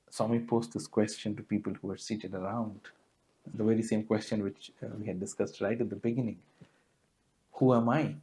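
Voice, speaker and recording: A man's voice: lowish voice, dark tone. A man giving a spiritual talk to a gathering, telling stories earnestly with frequent small fillers. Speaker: guest speaker.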